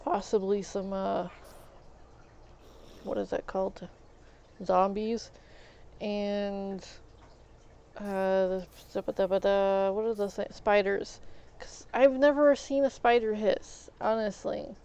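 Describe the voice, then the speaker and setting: Her mid-range voice stays level, mellow, and clean as she talks slowly and pauses often. Commenting casually on her gameplay, this woman streamer vents in exasperation, restarting her words with stammers and tossing in mild swearing.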